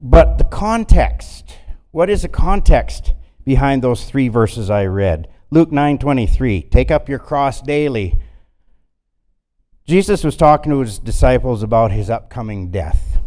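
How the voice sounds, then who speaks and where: Man, sermon, folksy, loud bursts and quiet asides, slow-paced, mellow tone. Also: medium pitch, expressive. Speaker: preacher.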